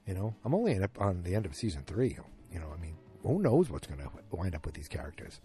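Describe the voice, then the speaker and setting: A man hosting a solo podcast, retelling a TV episode in a rambling, animated way and acting out the characters' lines. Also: low voice, quick pace, few pauses, soft background music. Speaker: podcast host. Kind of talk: casual solo recap.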